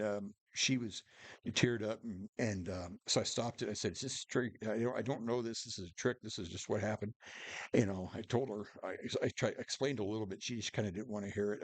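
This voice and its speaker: A man's voice: fairly low pitch, breathy edge, no room sound. A man telling a true story in a casual, rambling way, restarting sentences and acting out what people said. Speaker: storyteller vlogger.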